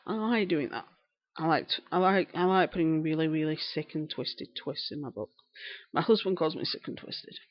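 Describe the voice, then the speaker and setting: A woman's voice: deep voice, moderate pace. A woman from York with a Yorkshire accent, chatting casually on a live stream while knitting and answering viewers' comments. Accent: Northern English, Yorkshire. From England. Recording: slightly dull lo-fi stream audio.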